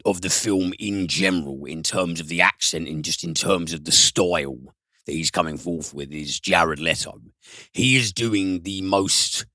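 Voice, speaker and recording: A man reviewing films on a podcast, animated and given to swearing and sudden high mimicry. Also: no echo, studio quality. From United Kingdom. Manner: animated, swears, mimics voices with big pitch jumps. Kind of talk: casual podcast film review.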